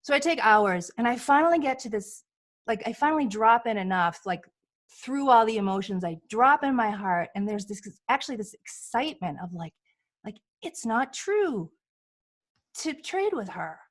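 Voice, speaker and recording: A woman's voice: fairly high pitch, brisk. A woman guest on a talk show, a healer, telling personal stories in casual chat and acting out the voices she quotes. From United States. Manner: animated, acts out quoted voices.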